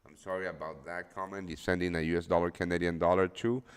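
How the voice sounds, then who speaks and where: Brief: sleepy male trading streamer, low voice, rambly and profane, long reverb. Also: flat delivery, quick pace, clear, resonant tone. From El Salvador. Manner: rambling, swears freely, lots of fillers. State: just woken up, drowsy. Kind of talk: casual live-stream chat.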